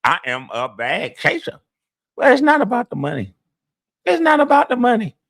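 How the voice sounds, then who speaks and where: A man putting on a smug, boastful hustler who talks slowly with a stiff jaw and barely moving lips. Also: very high-pitched, huge pitch swings, creaky, a bit bright, no room sound, studio quality, voice pushed up, full character voice. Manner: slow, preachy bragging.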